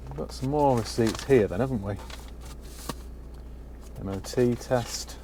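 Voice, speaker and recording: A man's voice: medium pitch, a little slow, dark tone, a little hiss or hum. A man giving a casual, dry-humoured walkaround of a used car he has bought, talking from inside the parked car on a cold day. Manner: dry, wry asides.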